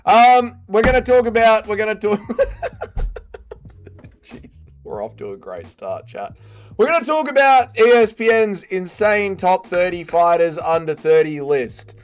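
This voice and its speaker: A man's voice: high voice, big pitch swings, normal speed. An Australian man hosting a casual livestream, greeting viewers by name and bantering with mild swearing. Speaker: livestream host.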